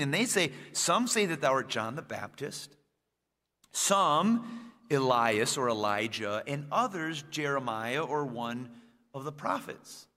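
A man's voice: fairly high pitch, sharp tone. Man preaching in a reverberant church. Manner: emphatic preaching with slow, stressed phrases and rising bursts. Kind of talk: sermon. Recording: long reverb of a church hall.

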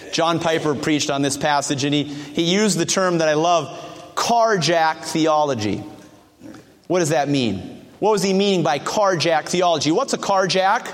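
A man's voice: fairly high pitch, big-room sound. A man preaching a sermon to his congregation, asking them questions directly. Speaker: pastor.

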